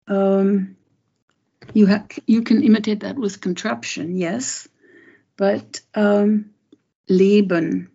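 Slow, gravelly woman translator, lo-fi. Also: medium pitch, fairly even intonation, warm tone. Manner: thoughtful, halting, many pauses and restarts. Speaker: poet and translator. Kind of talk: unhurried interview talk, reading a poem aloud. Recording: dull lo-fi recording.

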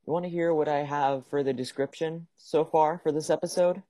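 A man's voice: on the high side, steady tone, brisk, warm tone, no room sound. Eager teenage boy podcast host, dry sound. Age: teens. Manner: eager, stumbling restarts, playful. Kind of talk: casual chat. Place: home bedroom.

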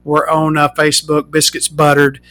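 A man's voice: a little high, completely flat delivery, moderate pace, pushed and bright. A man playing a crude, complaining woman who hosts a podcast, rambling with fillers and swearing. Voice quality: rambling, profane, full of fillers. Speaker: podcast host. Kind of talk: improvised comedy monologue.

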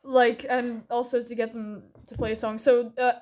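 A woman's voice: on the high side, level tone, moderate pace, darkish tone. A young woman from Poland co-hosting a podcast, rambling casually with lots of "like" and frequent giggles. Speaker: podcast co-host. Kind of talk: casual chat.

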